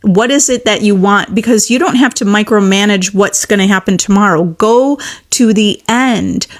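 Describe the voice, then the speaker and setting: A woman's voice: medium pitch, fairly even intonation, brisk. Woman coaching live, casual and encouraging, repeats affirmations. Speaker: manifestation coach. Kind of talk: live-stream coaching, answering viewer comments.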